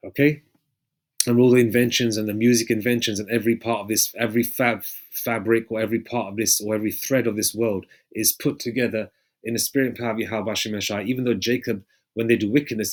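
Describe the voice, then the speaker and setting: A man preaching in a loose, rambling way, often pausing to check in with his listeners and swearing freely. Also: lowish voice. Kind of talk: casual street-style preaching with scripture readings.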